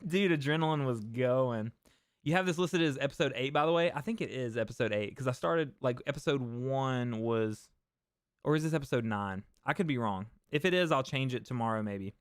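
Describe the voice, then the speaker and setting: A young man hosts a fishing livestream, casually chatting and reading viewer comments aloud with easy laughs. His mid-range voice is smooth and a little fast, and his manner is laid-back. The audio is clean studio sound with no room sound.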